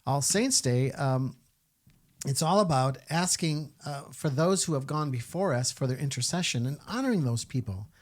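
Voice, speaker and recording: A man's voice: mid-range voice, animated, normal speed. A man hosting a Catholic podcast, talking casually and asking rhetorical questions with frequent fillers. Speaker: podcast host.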